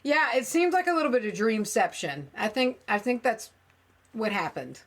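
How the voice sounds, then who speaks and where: A woman's voice: a little high, animated, moderate pace. A woman co-hosting a podcast, reading a listener's eerie story aloud and then chatting and joking with her co-host. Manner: jokey, laughs often.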